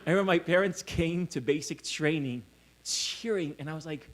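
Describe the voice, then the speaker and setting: A man's voice: on the high side, moderate pace, slight background noise. A middle-aged man who grew up in Israel gives a conference lecture, telling stories about himself and laughing often. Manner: storytelling, self-mocking, laughs often. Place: conference hall.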